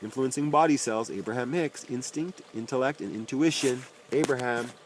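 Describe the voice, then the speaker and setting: A man's voice: mid-range voice, moderate pace, a little hiss or hum, low-quality recording. A man reading aloud a long list of self-help titles and their authors, with dry, wry asides and his voice dropping on each name.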